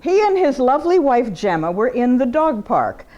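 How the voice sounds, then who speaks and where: A woman who paints portraits, giving an informal, chatty talk about her work to a live audience in an art gallery, with big swings of pitch for emphasis. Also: sing-song, normal speed, mellow, dull audio.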